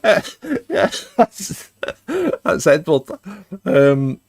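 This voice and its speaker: A man's voice: a little high, animated, drawn-out words, creaky, no echo, studio quality. A man co-hosting an irreverent live commentary, sarcastic and ranting, laughing often.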